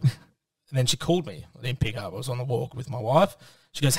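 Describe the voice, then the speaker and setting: A man's voice: mid-range voice, animated, normal speed, fairly bright tone, no echo, far from the mic. A man, co-hosting a casual podcast and reading out messages in a playful, mocking way. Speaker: podcast co-host.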